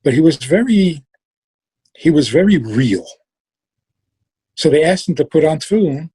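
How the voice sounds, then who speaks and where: A man telling a story in a relaxed way, slow and reflective, trailing off and restarting and sometimes acting out the people in it. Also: a little high, slightly rough. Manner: acts out quoted voices with sudden outbursts.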